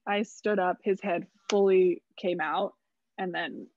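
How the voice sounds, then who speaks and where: A young woman's voice, on the low side and darkish, speaks slowly with fairly even intonation as she tells her birth story as a podcast guest. She chats casually with lots of "like" and some swearing, recorded slightly dull and dry with no echo.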